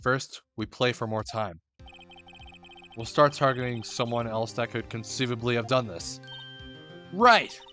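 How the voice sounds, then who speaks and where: A man's voice: medium pitch, level tone, normal speed, a bit bright, soft background music, voice pushed down, lightly acted. A man voicing a weary young male defense lawyer in a video game, talking gloomily and wryly. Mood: gloomy. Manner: gloomy, wry, sighing.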